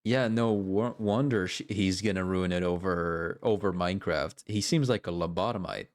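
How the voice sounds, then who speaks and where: A man's voice: deep voice, moderate pace. A man in casual reaction chat on a stream, mocking and laughing often.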